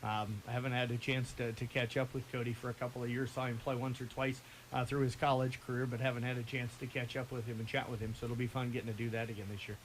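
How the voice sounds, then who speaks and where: A man's voice: mid-range voice, level tone, fast, hardly any pauses, slight background noise, poor audio. Male radio co-host, easygoing, friendly chat.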